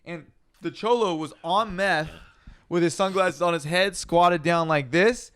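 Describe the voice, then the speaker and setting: A man's voice: high voice, unhurried, fairly bright tone, clean tone. A man from Los Angeles, a podcast guest, telling a story in a casual, slangy, profane way and saying dude a lot.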